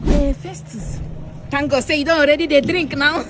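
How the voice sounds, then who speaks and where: A woman's voice: high voice, steady tone, normal speed, music in the background. A woman speaking with a Nigerian Pidgin accent who teases and nags a friend with advice in a comedy skit. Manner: teasing, nagging advice.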